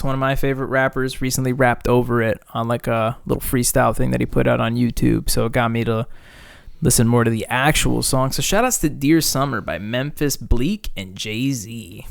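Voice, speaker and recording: A man co-hosting a gaming podcast, chatting casually in a joking, rambling way with loud bursts. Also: mid-range voice, gravelly, no echo, studio quality. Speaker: podcast co-host. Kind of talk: casual chat.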